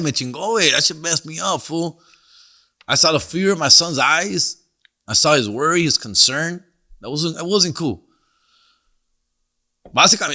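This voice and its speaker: A man's voice: on the high side, sharp tone. A middle-aged man, hosting a podcast and telling a story in casual slang, mixing in Spanish. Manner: slangy, peppers talk with "fool" and "dog", mixes in Spanish. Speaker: comedian podcast host.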